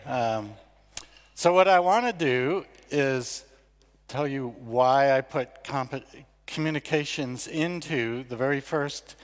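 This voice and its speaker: An older American man giving a conversational, self-deprecating talk at an award ceremony. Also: medium pitch. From United States. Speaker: award ceremony speaker, competition founder. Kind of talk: conference speech. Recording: long reverb of a large hall.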